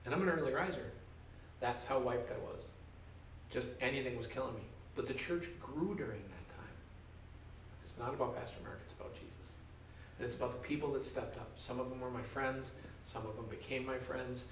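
In a church meeting room, a pastor leads a conversational, verse-by-verse Bible study, joking and acting out the voices of those he quotes. His mid-range voice is a little fast, picked up roomily from a distance with faint background sound and a little hiss or hum.

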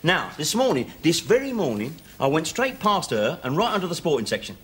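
An actor playing a wry, grumbling ex-convict, trading sarcastic banter. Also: male voice, on the high side, sing-song, a little fast, a bit bright. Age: 40s. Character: 45-year-old male ex-convict, wry and grumbling.

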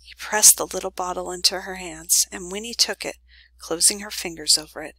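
A woman reading a children's novel aloud in a gentle, even storytelling manner. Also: on the low side, a little fast, breathy edge, no echo, low-quality recording. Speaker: reader.

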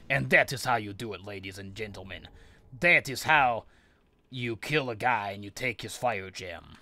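Bright-voiced man ranting over a game. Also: on the low side, normal speed. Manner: mock-villain boasting, sudden yelps. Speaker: let's play gamer. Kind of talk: profane comedic game commentary.

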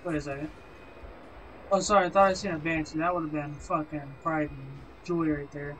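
Young guy gamer, highish voice, keeps swearing and grumbling, game music in the background. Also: steady tone, moderate pace, fairly bright tone. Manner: swears constantly, grumbling and frustrated. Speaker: gaming video creator. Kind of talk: casual gameplay commentary. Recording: game music playing behind.

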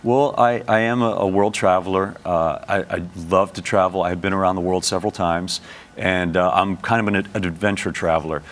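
A middle-aged man from Brooklyn, a sports announcer, chatting as a guest on a morning TV show, relaxed and full of fillers and restarts. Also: low-pitched, a little fast. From Brooklyn, New York. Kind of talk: casual TV interview chat. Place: TV studio.

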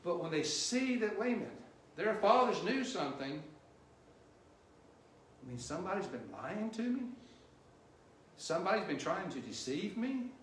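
A male missionary preacher delivering a sermon, quizzing the congregation with questions and growing loud and emphatic at his peaks. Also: high voice, a little hiss or hum. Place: church sanctuary. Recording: roomy church echo, distant mic.

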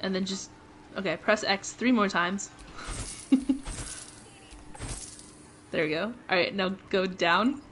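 A woman's voice: medium pitch, takes it slowly, pauses often, fairly bright tone, a little hiss or hum. Patient woman guiding a gamer. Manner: patient, instructive, laughs easily. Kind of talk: casual gameplay guidance.

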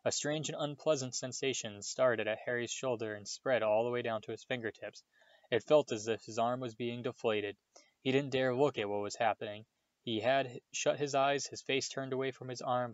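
A man reading a novel aloud in a steady storytelling voice, with small slips now and then. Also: medium pitch, no echo, dull audio. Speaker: audiobook reader.

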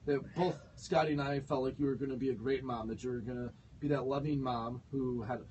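A man's voice: medium pitch, steady tone, a little fast, a little mellow, breathy edge, highs cut off. A man radio co-host chatting on air, supportive, reading out messages from listeners. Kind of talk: casual on-air chat.

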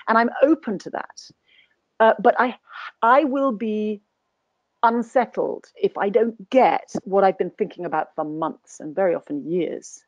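A woman's voice: medium pitch, a little slow, dry recording, highs cut off. A woman guest actor speaking in a conversational webinar interview, thoughtful and anecdotal, often restarting her sentences. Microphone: video call.

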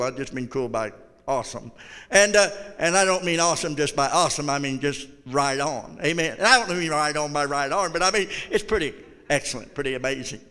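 A man's voice: a little high, bright, forceful tone, smooth, in a large hall. A man pastor preaching a blunt, folksy sermon with call-and-response to his congregation. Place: church sanctuary.

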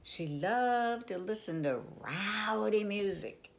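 An older woman reading a picture book aloud to children, in a playful sing-song way with sudden soft whispers. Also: lowish voice, big pitch swings, slow, creaky. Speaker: children's storyteller.

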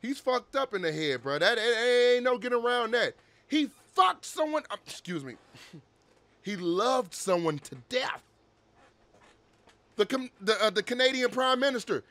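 A man's voice: very high voice, lively intonation, unhurried, sharp tone, no echo. A man giving casual, profane reaction commentary on a cartoon, joking, laughing often and roasting the characters. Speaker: reaction video host.

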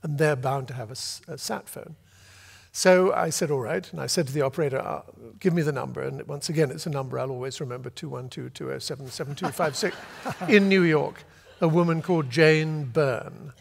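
An older man from Britain, an author telling a long, lively anecdote to a festival audience and acting out the voices he quotes. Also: on the high side, fairly quick, vocal fry, slightly rough, in a large hall. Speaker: author guest. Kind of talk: storytelling at a festival talk. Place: festival venue before an audience.

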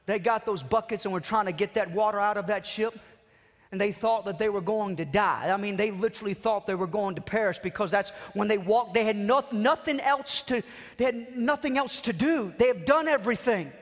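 A man preaching a sermon in a church, dropping to hushed murmurs and rising to shouted climaxes, repeating phrases for emphasis. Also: sits high, a little fast. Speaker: pastor. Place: church sanctuary. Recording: long church reverb.

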